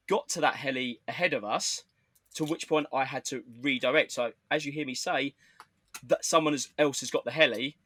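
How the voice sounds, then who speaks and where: A man's voice: mid-range voice, fairly bright tone, no room sound. A man co-hosting a podcast, earnestly explaining his side in a mock court argument. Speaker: podcast co-host. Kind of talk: casual mock courtroom banter.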